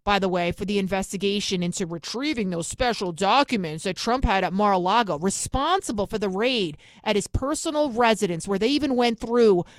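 A woman's voice: mid-range voice, lively intonation, dry recording, clean studio sound. A woman from New York City with a New York accent, hosting an opinionated political monologue in an indignant, emphatic way. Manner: indignant, emphatic, rapid asides. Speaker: political commentary host.

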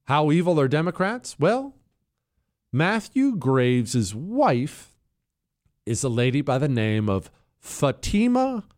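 Sarcastic, combative male talk radio host. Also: takes it slowly. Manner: lively pitch swings, stressing words. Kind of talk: opinionated political talk radio monologue.

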